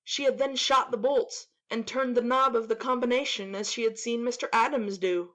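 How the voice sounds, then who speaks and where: A woman narrating a classic story in a measured, expressive dramatic reading. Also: on the high side. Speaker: audiobook narrator.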